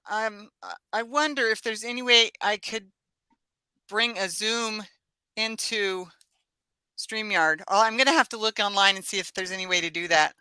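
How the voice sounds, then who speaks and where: A woman's voice: mid-range voice, moderate pace, sharp tone, clean tone, dry recording, low-quality recording. A woman hosting a casual livestream chat, easygoing, with fillers and laughs. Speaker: host.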